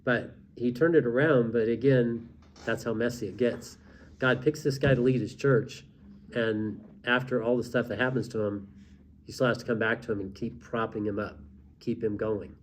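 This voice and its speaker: Man, co-host, casual discussion, rambling, restarts often, mid-pitched voice. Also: fairly even intonation, moderate pace, slight background noise.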